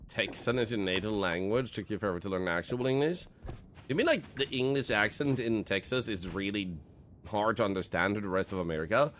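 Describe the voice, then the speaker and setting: A man's voice: lowish voice, brisk, fairly bright tone, slight background noise. A Swedish man streaming a game in English, rambling and joking with his chat. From Sweden. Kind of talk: casual live-stream chat.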